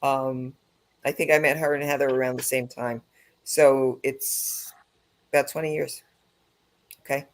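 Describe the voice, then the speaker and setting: A man's voice: mid-range voice, flat delivery, measured pace, long pauses. A man hosting a podcast on a video call, chatting about next week's guest in a friendly way. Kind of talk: casual chat on a video call.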